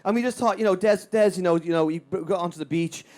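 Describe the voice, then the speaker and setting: A man's voice: sits high, a little mellow. An Irish man doing live stand-up, telling a story at speed and tagging lines with "right?". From Ireland. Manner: rapid anecdote, tags lines with "right?". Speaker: stand-up comedian. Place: small comedy venue with live audience.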